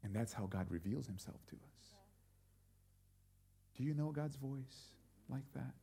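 A middle-aged male pastor preaching a sermon, telling a story and moving from quiet, intimate passages to loud, emphatic ones. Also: medium pitch, expressive, a little slow, gravelly, husky.

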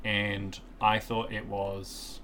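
A young man co-hosts a film podcast in a relaxed, joking way. His voice is bright and has a gravelly rasp, and he likes to turn to the listener with mock-dramatic asides. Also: lowish voice, drawn-out words, slight background noise. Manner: playful, theatrical asides to the listener. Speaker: podcast co-host. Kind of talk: casual chat.

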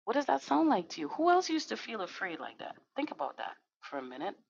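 This podcast host talks fast in a fairly high, gravelly, slightly rough voice, her pitch swinging wildly as she rants with profanity and rhetorical questions. The audio is lo-fi, dull and dry.

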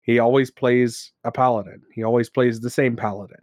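A man co-hosting a casual chat about tabletop games, an animated storyteller who laughs often and acts out characters. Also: medium pitch, a little fast, dry recording, studio quality. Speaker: podcast co-host and game master.

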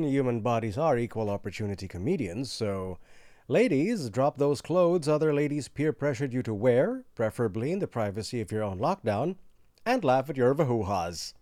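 A man delivering a sarcastic comedy monologue, swinging between loud outbursts and hushed asides. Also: medium pitch, no room sound, studio quality.

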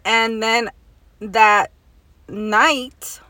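A young woman, explaining background in a relaxed casual chat. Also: fairly high pitch, extremely slow, dry recording. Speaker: podcast co-host.

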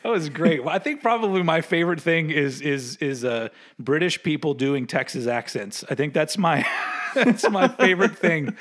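A man's voice: a little high, sing-song, normal speed, hardly any pauses, fairly bright tone. A man co-hosting a podcast in casual chat, rambling and laughing often as he talks, swearing casually. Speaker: podcast co-host.

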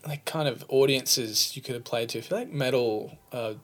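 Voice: mid-range voice, moderate pace. A podcast host in a casual chat, joking, swearing freely and laughing a lot.

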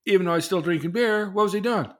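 Rapid-fire and high-voiced, this man tells his daughter about his own life as a lesson in faith. Earnest throughout, he asks her questions and acts out what others said.

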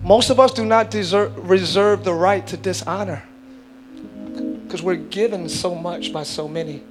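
A pastor preaching a live church sermon, with emphatic delivery that swings between shouts and hushed low lines. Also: male voice, normal speed, over music. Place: church sanctuary.

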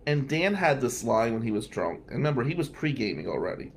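A man's voice: medium pitch, very animated, brisk, gravelly. A man with a mid-range voice recounts a personal story in a loose, conversational way. He wanders into wry asides and drops the odd curse word as he goes. A faint background noise sits under his voice. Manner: digressive, profane, wry asides. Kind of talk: casual storytelling monologue.

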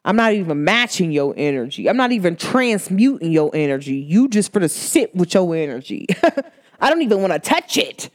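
At a moderate pace, this female vlogger chats through an informal motivational talk in a slangy way. Laughs come often, and her voice swoops higher when she gets worked up.

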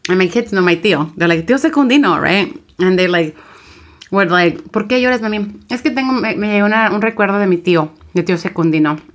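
A woman in her thirties talks frankly as a podcast co-host. She has a lowish voice and a lively, open way of telling stories. She mixes English and Spanish freely. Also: quick pace. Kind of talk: casual chat.

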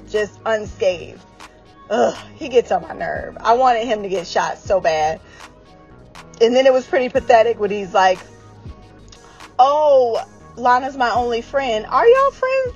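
A woman giving a casual recap of a show she watched, exasperated and animated, swearing freely and laughing often. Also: medium pitch. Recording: slightly dull sound with faint music.

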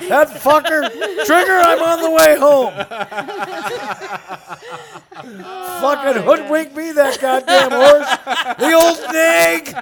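High-voiced, crude, laughing joker. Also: takes it slowly, vocal fry, long pauses, crowd noise. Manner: crude, swearing, laughs through jokes. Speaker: podcast regular. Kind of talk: casual group chat.

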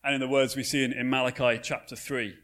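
A man's voice: mid-range voice, little pitch movement, fast, a bit bright. Man preaching in a chatty, storytelling way. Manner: conversational storytelling with frequent fillers and restarts. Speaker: pastor. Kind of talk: sermon.

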